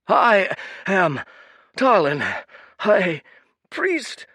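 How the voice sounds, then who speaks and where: A man voicing an ancient, weary high priest who is pompous yet desperate, calling out in shrill, wheezing shouts. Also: very animated, drawn-out words, dry recording, studio quality, full character voice. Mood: shrieking, desperate.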